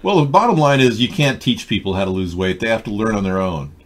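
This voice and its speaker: A man's voice: fairly low pitch, quick pace. A middle-aged man hosting a live call-in stream, bantering casually with a caller. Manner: animated, bantering, drifts into a put-on accent. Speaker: live stream show host.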